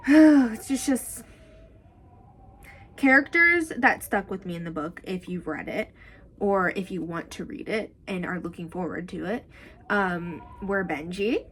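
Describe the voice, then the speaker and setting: Outdoors in heavy wind, a young book vlogger rambles through an enthusiastic, casual review full of filler words. She speaks at a measured pace in a mid-range voice that's expressive, bright and forceful, though wind noise makes the audio poor.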